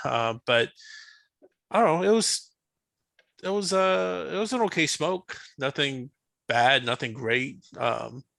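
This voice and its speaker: Man, podcast panelist, gravelly, bright tone, hesitant rambling, dry sound. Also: mid-range voice, no room sound. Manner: rambling, hesitant, many "um" fillers. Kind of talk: casual podcast chat. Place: studio.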